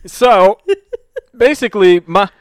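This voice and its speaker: A young man co-hosting a casual podcast, telling an animated story with quick asides into a close mic. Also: sits high, clear, resonant tone, dry recording. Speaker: podcast co-host. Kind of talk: casual chat.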